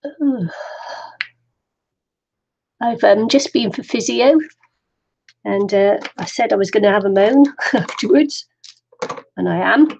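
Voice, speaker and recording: Chatty woman, middle-aged, craft stream host, gravelly, muffled lo-fi sound. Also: a little high, slow pace, long pauses, darkish tone. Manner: chatty, laughs often, talks to herself. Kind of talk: chatty live stream while waiting for viewers. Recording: dull lo-fi live stream audio.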